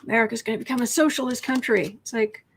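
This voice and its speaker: A woman's voice: a little high, quick pace, a little hiss or hum. A woman doing a casual tarot reading on a livestream, chatty and rambling, sometimes dropping into whispered asides. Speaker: tarot reader.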